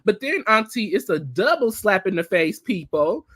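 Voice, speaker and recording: A woman's voice: mid-range voice, moderate pace, hardly any pauses, dry recording. Woman, podcast co-host, chatty recap talk, dry close sound. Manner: chatty, animated retelling with filler words. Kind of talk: casual TV recap chat.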